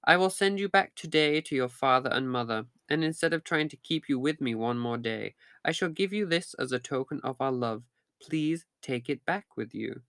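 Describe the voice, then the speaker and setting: A man reading the lines of a tender sea princess in a storybook, speaking softly and formally. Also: mid-range voice, animated, normal speed, no echo, studio quality. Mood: sorrowful. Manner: soft, formal storybook speech.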